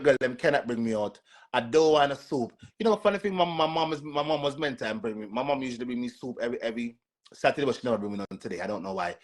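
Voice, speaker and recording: A man's voice: medium pitch, quick pace. A man with a Jamaican accent, from Jamaica, doing a casual live stream and sassily answering viewer comments, often repeating himself. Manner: sassy and repetitive, talking straight back to commenters.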